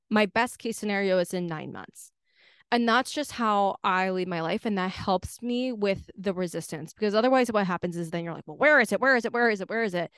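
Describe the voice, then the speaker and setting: A woman's voice: mid-range voice, clean tone, no echo, studio quality. A young woman hosting a solo podcast, chatty and upbeat, filling her talk with "like" and "right?". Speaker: podcast host.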